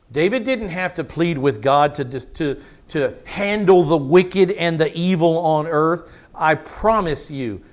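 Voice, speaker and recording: A man preaching a sermon as a pastor, slowing down to stress key phrases and asking rhetorical questions. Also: on the high side. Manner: preaching with slow drawn-out emphasis and rhetorical questions.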